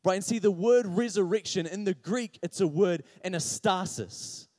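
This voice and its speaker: A man's voice: high voice, moderate pace, dark tone, dry recording, studio quality. A man preaching a sermon, personal and confessional, rising to impassioned pleading as he speaks to the congregation directly. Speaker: pastor.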